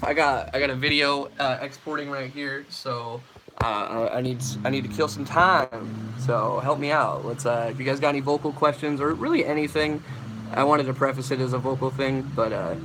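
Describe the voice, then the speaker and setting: Hosting a livestream in a relaxed way, this young man answers viewers' vocal questions in a rambling fashion and shows off some screams. His voice is mid-range, his pace moderate, and there's noise in the background.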